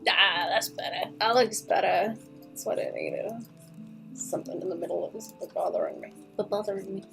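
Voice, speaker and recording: A young woman streams her drawing work and chats casually with viewers. She mutters quietly to herself while she draws, then bursts into giggles and swears freely. Her pitch sits in the middle range, with faint music behind her. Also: wildly swooping pitch, normal speed, creaky. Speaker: artist streaming a drawing session.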